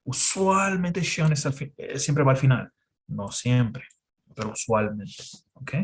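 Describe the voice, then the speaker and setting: A man gives a casual English lesson, explaining slowly and calmly and often pausing to check in with "okay". His pitch sits at a middle level. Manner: slow, relaxed explaining with frequent "okay". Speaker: English teacher.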